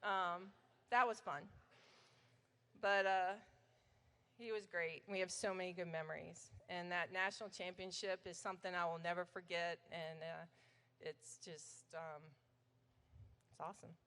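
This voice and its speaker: A woman's voice: lowish voice, steady tone, measured pace, long pauses, fairly bright tone, smooth. A middle-aged woman giving a chatty, anecdotal hall of fame acceptance speech at a banquet, telling stories about her old coach. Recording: long hall reverb.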